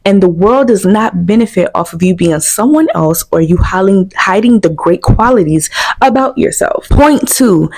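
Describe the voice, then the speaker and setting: A woman's voice: mid-range voice, darkish tone. A young adult woman coaching viewers in an earnest, encouraging motivational talk, repeating her points for emphasis. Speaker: self-trust coach.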